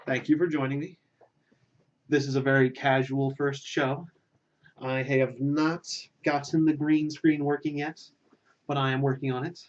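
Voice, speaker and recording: Rambling young man doing a mock-serious monologue. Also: medium pitch. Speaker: host. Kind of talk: deadpan comic monologue. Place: home room with a green screen. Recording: dull lo-fi sound from a distant mic.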